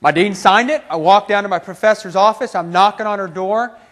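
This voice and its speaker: A man giving a teacher training talk as a motivational speaker, telling a personal story with animated humor. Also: sits high, a little fast.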